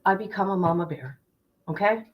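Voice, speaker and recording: A woman's voice: medium pitch, brisk, dull audio. A woman hosting a true-crime livestream, talking indignantly and directly to her viewers. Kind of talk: heated livestream commentary.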